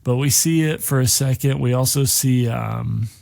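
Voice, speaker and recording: A man's voice: medium pitch, moderate pace, creaky, darkish tone, no room sound, clean studio sound. A man hosting a podcast, retelling a movie in a casual, rambling way that is full of swearing. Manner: rambling and heavily profane, acting out characters' lines. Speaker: podcast host.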